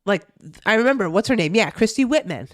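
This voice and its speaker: A woman's voice: medium pitch, lively intonation, fast talker, dry recording. Chatty New Jersey woman streamer, dry close mic. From New Jersey, USA. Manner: chatty, swears freely, reacts to chat. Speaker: streamer reading the news. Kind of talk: casual live-stream chat.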